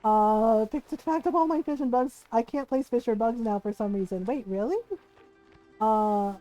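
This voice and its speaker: A woman's voice: fairly high pitch, moderate pace, mellow, faint music behind. A middle-aged woman streaming a game, chatting casually in a rambling, self-deprecating way and laughing often.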